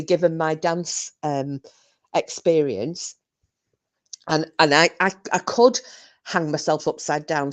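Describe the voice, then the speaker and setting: Chatty low-voiced woman. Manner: chatty, swearing, telling drunken stories. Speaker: streamer. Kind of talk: casual live-stream chat with viewers.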